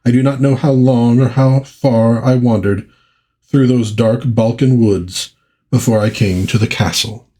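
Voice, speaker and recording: A man's voice: medium pitch, steady tone, a little slow, warm tone, lightly acted. A man doing a genteel French seductress. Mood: storytelling. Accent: put-on French. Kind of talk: dramatic comic book reading.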